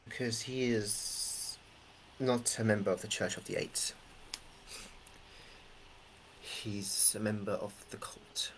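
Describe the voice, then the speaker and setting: A man playing a young man who speaks bluntly and gravely as he reveals a betrayal in a tabletop role-play. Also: on the low side, fairly even intonation, slow, pauses often, a bit bright, slight background noise, low-quality recording. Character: young man confessing a dark secret, grave.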